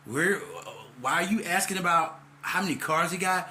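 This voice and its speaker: A man's voice: sits high, moderate pace, roomy sound, a little hiss or hum. A man ranting to the camera in a rambling, angry, profane monologue. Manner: loud and heated in the second half. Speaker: vlogger.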